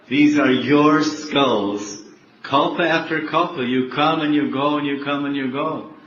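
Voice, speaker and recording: A man playing a peaceful god who calmly and tenderly explains himself to his wife. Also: mid-range voice, slight background noise, lightly acted. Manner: calm, then warmly emphatic. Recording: echoey, dull room recording.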